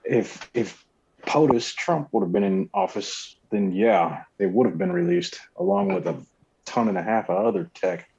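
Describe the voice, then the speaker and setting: Male caller, gravelly and husky, lowish voice, muffled lo-fi line, rambling delivery. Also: big pitch swings, moderate pace, a little mellow. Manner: rambling, earnest, low creepy-sounding voice. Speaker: call-in guest. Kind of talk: casual call-in chat. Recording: muffled lo-fi call audio.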